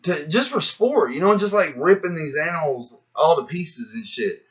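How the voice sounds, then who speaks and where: A man's voice: a little high, normal speed. Rambling, profane man on lo-fi audio. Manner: profane, slangy, animated, acts out inner voices. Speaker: rapper musing to camera. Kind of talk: rambling philosophical monologue. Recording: dull lo-fi sound.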